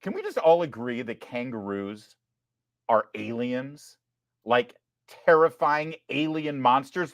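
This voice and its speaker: A man hosts a live online commentary show with a joking, animated delivery. His pitch swings widely from line to line. The sound is close and dry, with no room echo. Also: slow. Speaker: host.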